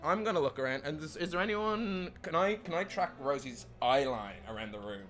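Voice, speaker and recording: A man's voice: on the high side, animated, fairly quick, fairly bright tone, faint music behind. A man playing a tabletop game, joking in character as a bard and laughing often. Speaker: player.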